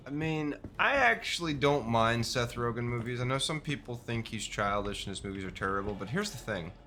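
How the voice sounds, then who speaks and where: A man commentating his live gameplay stream, animated and swearing, trash-talking the enemies. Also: medium pitch, brisk, a little hiss or hum. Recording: loud game music behind.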